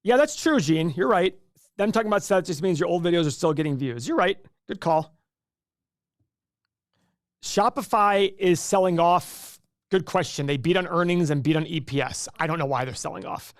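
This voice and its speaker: With a voice that sits high and a moderate pace, a livestream host rambles through viewer questions in a casual, chatty way, frequently starting over. The recording is clean studio sound without echo.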